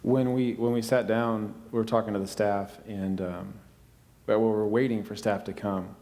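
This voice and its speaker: A man's voice: lowish voice, little pitch movement, normal speed, warm tone. A man who served as a cabin parent, telling a camp story in an easygoing, casual way. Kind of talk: personal testimony, casual. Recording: reverberant room.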